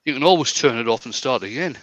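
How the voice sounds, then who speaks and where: A man's voice: medium pitch, animated, fast talker, a bit bright, no echo. A man, a woodturner chatting casually and joking while he works at the lathe in a live stream. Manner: joking, banter-heavy. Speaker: woodturner demonstrating.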